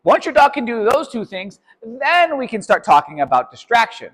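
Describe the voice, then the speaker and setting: A man's voice: very high-pitched, big pitch swings, moderate pace, fairly bright tone, in a large hall, poor audio. A man who trains dogs, explaining obedience step by step and checking in with "right?" and "okay?". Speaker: dog trainer. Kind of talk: instructional training video.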